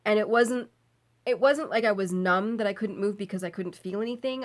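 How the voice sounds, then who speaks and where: A woman vlogger casually telling a personal story, animated, laughing often and swearing as she recounts her fear. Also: mid-range voice, a little fast.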